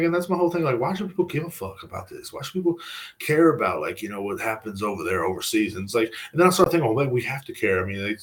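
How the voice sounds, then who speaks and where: An American podcast host rants alone in a loose, profane, rambling monologue, often tacking "you know what I'm saying" onto his lines. His voice is on the low side and a bit bright, and the recording is rough.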